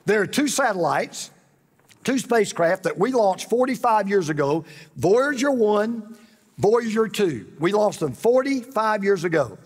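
A man preaching a sermon as pastor, animated and repetitive, with dramatic pauses. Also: sits high, slightly rough. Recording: reverberant hall.

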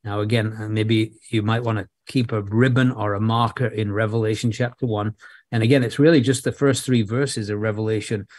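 A man preaching an expository sermon in a measured way, leaning hard on key phrases and now and then repeating words. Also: on the low side, steady tone, darkish tone, dry recording, studio quality.

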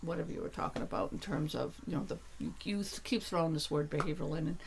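A woman's voice: deep voice, expressive, fast, vocal fry, slight background noise. A woman talking about her spiritual work in a casual conversation, blunt and emphatic, swearing freely as she gets heated. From New Hampshire. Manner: grows heated and insistent. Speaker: author and energy worker guest.

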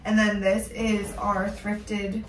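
A woman's voice: mid-range voice, little pitch movement, takes it slowly. Chatty young woman vlogging amid background noise. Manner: chatty, upbeat, full of "like" and "um". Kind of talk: casual vlog chat.

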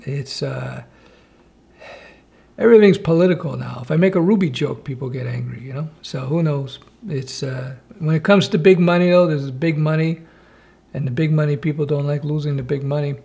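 A man's voice: fairly high pitch, normal speed, vocal fry, mellow. A man hosting a casual live-stream Q&A, reading chat questions aloud and answering with wry asides from his home office.

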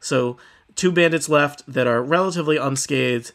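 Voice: mid-range voice, moderate pace, a bit bright. Wry, dry-witted game master. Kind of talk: running a tabletop game.

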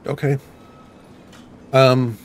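A man's voice: medium pitch, level tone, very slow. A man giving chatty, joking let's-play commentary while thinking aloud. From Boston. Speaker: gamer.

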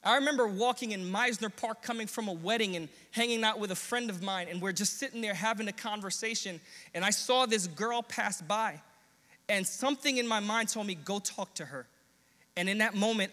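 A young adult man preaching, telling a personal story with earnest, animated quoted dialogue. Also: high-pitched. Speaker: pastor. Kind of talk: sermon storytelling. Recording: long hall reverb.

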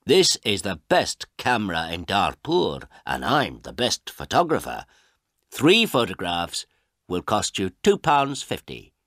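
Boastful photographer, bossy and slow, lively pitch swings, dry close sound, read by a man. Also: dry recording, full character voice. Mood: impatient. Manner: slow, self-important and impatient. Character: proud, bossy male photographer in a poor town. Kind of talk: audiobook character voice.

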